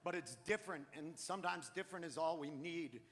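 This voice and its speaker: Profane, loud-ranting man comedian on stage. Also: on the high side, fairly quick. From New England. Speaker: stand-up comedian. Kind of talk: live stand-up set. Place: theater stage, live audience. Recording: live theater with long reverb.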